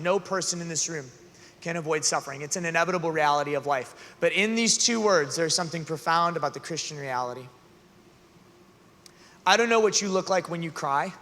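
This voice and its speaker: A man gives an earnest youth talk in a high, bright voice, shifting from casual asides to loud, emphatic passages. His voice rings through a large arena with a long reverb tail. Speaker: youth conference speaker.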